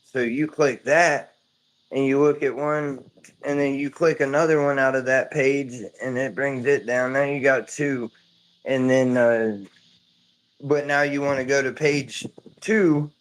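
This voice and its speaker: A man's voice: mid-range voice, fairly even intonation, a little slow. A man streaming live from home, chatting casually in a loose, rambling way, swearing offhand and calling everyone "dude".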